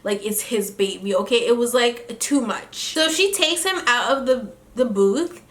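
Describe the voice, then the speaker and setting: A woman's voice: fairly high pitch, measured pace. Sassy gossiping woman in an echoey room. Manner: gossipy, sassy, talks straight to viewers. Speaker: reality TV recap vlogger. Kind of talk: casual chatty recap.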